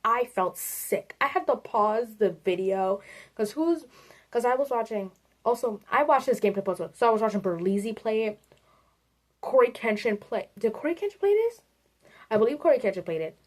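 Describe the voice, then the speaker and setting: A woman giving a casual, animated rant about a video game to her viewers, swearing and addressing them directly. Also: on the high side, fairly quick. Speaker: video creator.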